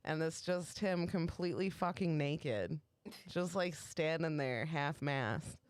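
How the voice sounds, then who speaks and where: A woman co-hosting a comedy podcast, telling stories in casual chat with animated delivery. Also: deep voice, slow pace, clean tone, dry recording, studio quality. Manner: animated storytelling, frequent laughter. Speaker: podcast co-host.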